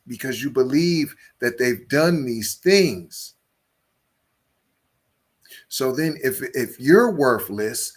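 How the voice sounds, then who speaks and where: A man hosts his own podcast in a deliberate, slow delivery. His voice sits a little high for a man. He drives points home with repeated phrases and rhetorical questions. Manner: emphatic, repeats words, stacks rhetorical questions. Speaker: podcast host. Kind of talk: solo podcast commentary.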